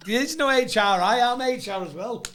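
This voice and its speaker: A man in his fifties hosting a podcast, chatty and quick to laugh as he tells stories. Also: extremely high pitch, a bit bright, a little hiss or hum. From England. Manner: chatty storyteller, laughs often. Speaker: podcast host. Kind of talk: casual chat.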